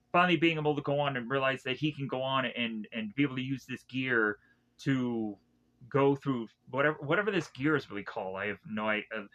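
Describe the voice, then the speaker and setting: A man casually recapping anime episodes in a rambling way, with many restarts, who keeps breaking into animated impressions of the characters. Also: mid-range voice. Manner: rambling, loosely retells scenes with many restarts; acts out characters' lines in a quick, animated way. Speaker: anime reviewer.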